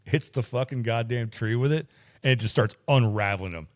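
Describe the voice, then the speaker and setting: A man hosting a podcast, casually retelling a movie as an animated, profane storyteller. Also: medium pitch, fairly quick. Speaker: podcast host.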